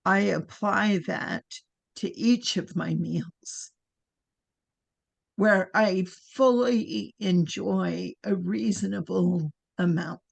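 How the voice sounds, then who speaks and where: A woman taking part in a call, speaking slowly and deliberately. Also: medium pitch, vocal fry, slightly rough. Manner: slow, deliberate speech. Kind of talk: casual call sharing.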